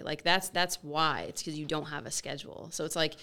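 A woman's voice: low voice, steady tone, brisk, pushed and bright, smooth. A young woman, a fitness creator, giving earnest advice as a guest on a casual podcast.

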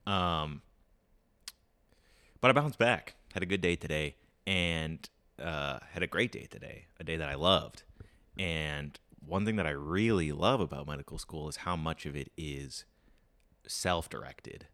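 A young man with a very low voice co-hosts a relaxed podcast, rambling upbeat with plenty of ums. His voice sounds tired and cracks now and then. The sound is dry and close. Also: a little slow, no room sound. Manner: rambling, upbeat, lots of fillers. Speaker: podcast co-host. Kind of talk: casual podcast chat.

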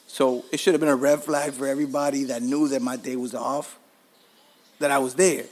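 Recording his podcast at home, a man with a medium pitch talks fairly quickly. He spins casual, animated stories laced with swearing and chuckles at himself along the way.

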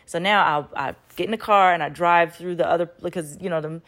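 A woman's voice: on the low side, fast talker, fairly bright tone. A woman in her thirties telling a story in a casual vlog, rambling with lots of "like" and restarts, and swearing freely. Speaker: vlogger.

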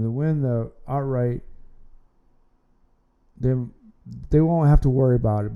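A man hosts a casual sports podcast in a rambling way, often stumbling over and repeating his words. His voice is very dark, mellow and smooth. The recording sounds dull and lo-fi. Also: mid-range voice. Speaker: podcast host.

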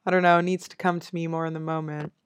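A woman's voice: low-pitched, little pitch movement, fast talker, clear, resonant tone, no echo. A young American woman hosting her own show, chatting casually and upbeat with frequent laughs. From United States. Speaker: podcast host. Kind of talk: casual solo chat.

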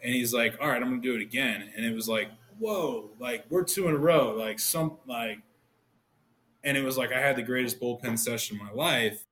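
A man's voice: mid-range voice, a little fast, a little hiss or hum. A man in his thirties, a guest on a podcast, telling stories casually and acting out the lines of people he quotes. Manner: animated, acts out quoted dialogue. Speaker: podcast guest, former pro pitcher. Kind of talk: casual storytelling.

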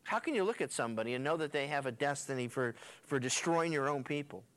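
Here a pastor walks his listeners through Scripture in a down-home, chatty narrative full of slangy remarks. His mid-range voice moves quickly, with lively intonation and a fairly bright tone.

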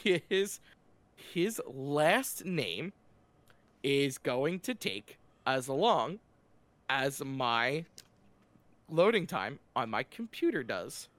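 A man's voice: medium pitch, big pitch swings, extremely slow, pauses often, a bit bright, no echo. A man narrating a tabletop game as game master, chatty and self-mocking.

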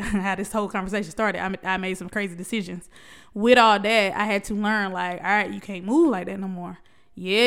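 A woman's voice: mid-range voice, a bit bright, smooth. A young woman talking candidly to her viewers about her life and faith, with frequent restarts and laughter. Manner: emotional, testifying, laughs often, many restarts. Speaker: vlogger sharing a personal story. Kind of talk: candid personal talk to camera.

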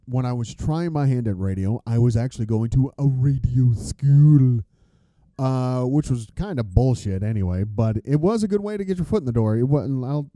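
A man's voice: mid-range voice, warm tone, no echo, studio quality. A man hosting a casual podcast chat, rambling, swearing freely and losing his train of thought. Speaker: podcast host.

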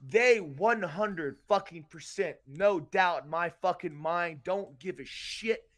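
A man's voice: high voice, slow pace, fairly bright tone. A man from Tampa, Florida, co-hosting a podcast, ranting angrily with heavy swearing. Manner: angry, profane, emphatic. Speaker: podcast co-host. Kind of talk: heated podcast rant.

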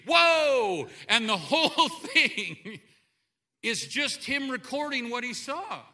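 Male pastor, high bright voice, lively sermon delivery with sudden loud bursts and soft asides. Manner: animated, jumps between loud outbursts and quiet asides. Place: church sanctuary.

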